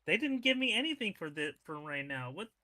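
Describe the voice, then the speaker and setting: High, bright-voiced excitable wrestling commentator man. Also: a little fast, poor audio. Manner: playful, joking banter. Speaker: wrestling commentator and ring announcer.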